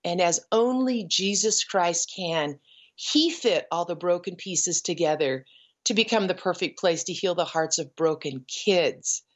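A middle-aged woman giving an earnest, emotional personal testimony as a guest, pausing and restarting as she tells her story. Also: on the low side. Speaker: guest, ranch founder. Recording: dull lo-fi audio.

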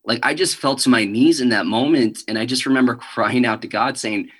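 Young male interview guest; earnest, halting testimony, bright tense tone. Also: mid-range voice, slightly rough. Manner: earnest, halting, with nervous laughs.

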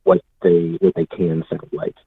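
Heard over a tinny line that sounds like a phone call, a young man who does voice acting talks casually in an interview. He speaks unhurriedly in a deep, husky, level voice, laughing softly and pausing often with lots of fillers.

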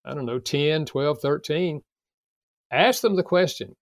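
An older man, a guest author, calmly explaining parenting advice with everyday examples in an interview. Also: on the high side, dry recording, studio quality. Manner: calm, measured, explains with examples.

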